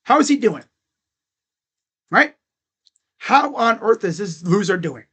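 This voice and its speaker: High-voiced man ranting about his team. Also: very animated, takes it slowly, a bit bright, husky. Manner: exasperated, mocking, swears. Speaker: sports fan vlogger. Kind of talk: casual sports rant.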